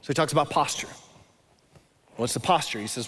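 A man's voice: medium pitch, a little fast, fairly bright tone, slightly rough, big-room sound. A man preaching a sermon in a casual, conversational way, often tossing in "man" as he talks. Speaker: pastor.

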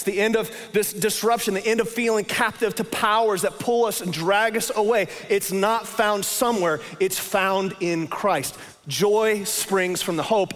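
Male pastor, high voice, conversational sermon, long hall reverb. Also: a bit bright. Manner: conversational, emphatic, repeats phrases.

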